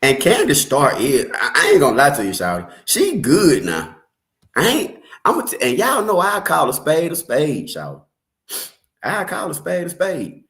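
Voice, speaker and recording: A man's voice: on the high side, huge pitch swings, normal speed, fairly bright tone. A man hosting a casual reaction livestream, chatting loosely with viewers in easy slang. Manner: loose slangy banter, calls viewers baby and shawty. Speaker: livestream host.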